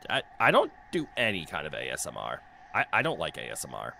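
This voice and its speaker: A man's voice: very deep voice, wildly swooping pitch, quick pace, gravelly, bright, forceful tone. A man streaming a video game in casual commentary, joking, swearing freely and laughing often, into a desk mic with a noise canceller.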